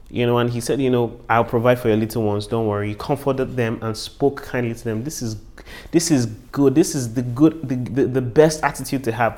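A male pastor delivering a sermon at a medium pitch. He moves between quiet, hushed passages and loud, emphatic stretches. His preaching stays lively throughout.

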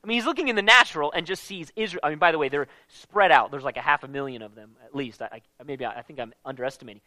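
A man preaching a casual Bible-teaching sermon in an animated, conversational way, with slang mixed in. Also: fairly high pitch, very fast, no echo.

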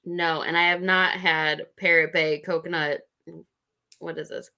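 A woman's voice: on the low side, flat delivery, unhurried, sharp tone. A woman from the US Midwest co-hosting a casual podcast chat, teasing and laughing often. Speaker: podcast co-host.

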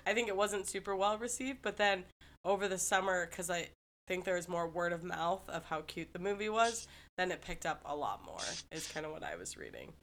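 Low-voiced young woman chatting casually. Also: lively intonation, fairly quick, fairly bright tone. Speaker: podcast co-host. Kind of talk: casual movie chat.

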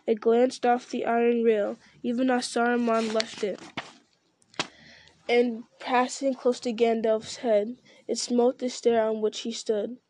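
A woman reading a novel aloud at a steady pace, with small slips and restarts. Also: a little high, measured pace, a little hiss or hum. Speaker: reader.

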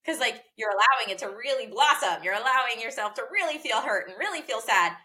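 Her voice is fairly high, expressive, pushed and bright, and she talks fast. In a relaxed podcast chat about parenting, she reflects earnestly, leaning often on fillers and repeated phrases.

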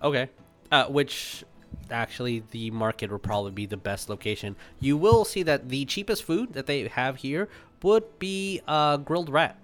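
A man runs a tabletop game in a middle-pitched voice, describing scenes for his players. He talks in a halting way and fills his pauses with ums and uhs. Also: lively intonation, a bit bright, soft background music. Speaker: game master.

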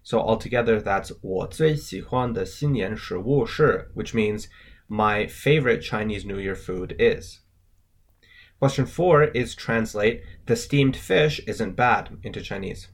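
A man's voice: on the low side, unhurried. A man co-hosting a language lesson, explaining word by word and spelling out the tones in a methodical, scripted way.

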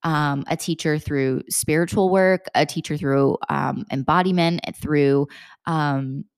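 A young woman with a low voice talks earnestly as a mindset coach for mothers. She keeps stacking questions and drops the occasional swear word. The recording is dry and close. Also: steady tone, slow pace, smooth, no echo. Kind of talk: motivational talk.

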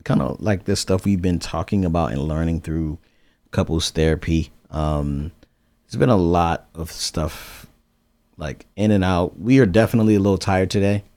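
A man's voice: deep voice, normal speed, a little mellow. A man co-hosting a podcast, talking in a laid-back, slangy, casual way. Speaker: podcast co-host. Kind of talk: casual chat.

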